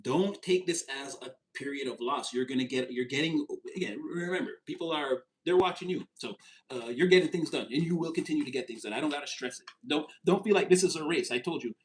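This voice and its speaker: A high-pitched man talks his way through a tarot reading to camera. He is animated and loose, laughing often and jumping into mocking voices. His delivery stays casual and chatty. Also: quick pace, poor audio. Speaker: tarot reader.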